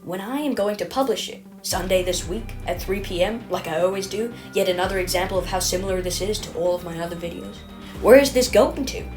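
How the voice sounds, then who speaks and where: A woman's voice: medium pitch, a little fast, music in the background. A woman reading her own video essay in a scripted, self-mocking, rambling way, stumbling over words and correcting herself.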